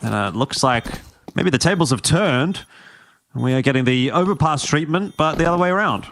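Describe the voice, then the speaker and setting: A man casting a live esports match as play-by-play commentator, excitable, his voice leaping up on big plays. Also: a little high, fairly quick, a little hiss or hum. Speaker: esports caster.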